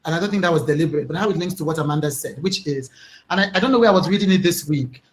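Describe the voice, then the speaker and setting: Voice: medium pitch, racing, low-quality recording. An interview host on a video call, who affirms the guests and explains points with examples. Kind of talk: interview hosting.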